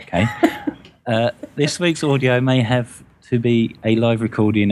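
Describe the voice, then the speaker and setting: A man co-hosting a gaming podcast, reading a listener email aloud in a halting, self-conscious way with frequent stumbles. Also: mid-range voice, a little mellow. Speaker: podcast co-host.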